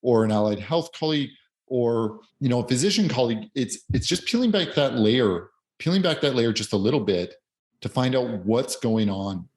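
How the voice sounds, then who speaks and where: A man's voice: lowish voice, darkish tone. A man hosting a podcast as a physician, talking in a reflective, earnest way. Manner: reflective, earnest, some repeated words. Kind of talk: conversational podcast interview.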